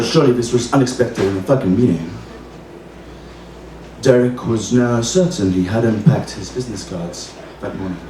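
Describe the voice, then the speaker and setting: A man's voice: medium pitch, dark tone. A man reading comic poems at an open mic, hesitant with many fillers between verses. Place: bar open mic room. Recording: roomy, distant mic, faint noise.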